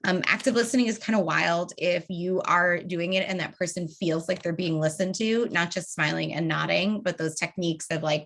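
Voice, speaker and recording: A woman's voice: lowish voice, vocal fry, fairly bright tone. A woman leading an online training session over a video call, talking casually and acting out example dialogues. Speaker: organizing trainer.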